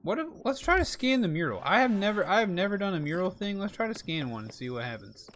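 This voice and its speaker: Hailing from rural South Carolina, this streamer talks fast in a high, sing-song, fairly bright voice while playing a video game live. He's chatty, reading out and answering messages from chat, with slight background noise behind him.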